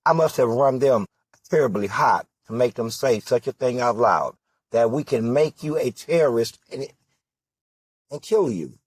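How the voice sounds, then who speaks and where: A man's voice: medium pitch, lively intonation, unhurried, slightly rough, no echo. A man giving an impassioned political monologue, full of rhetorical questions and emphatic repetition. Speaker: political candidate.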